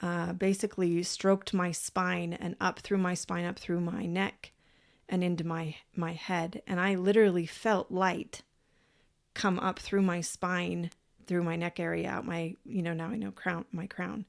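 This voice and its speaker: A woman co-hosting a podcast, telling a personal story in a casual, animated way, acting out what people said and swearing freely. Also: fairly low pitch, unhurried, creaky. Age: parent, adult. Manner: animated, acts out quoted voices. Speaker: podcast co-host.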